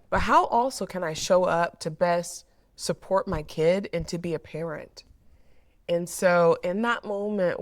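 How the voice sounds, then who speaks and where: A woman's voice: on the low side, dry recording, studio quality. A woman therapist sharing a personal parenting story in a candid, reflective way, often repeating words as she thinks. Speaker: mental health therapist.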